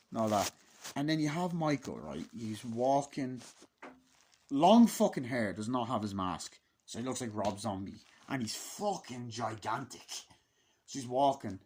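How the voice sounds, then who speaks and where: Male vlogger, mid-pitched, casual unscripted review delivery, heavy swearing, lots of fillers. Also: animated, measured pace. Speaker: movie reviewer.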